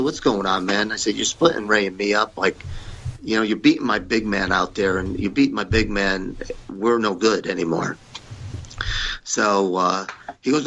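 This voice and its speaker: A former wrestler appearing as a podcast guest speaks in a lowish, bright, forceful voice, with the high frequencies cut off. In a casual interview, he tells blunt, profane stories and raises his voice to act out the people he quotes.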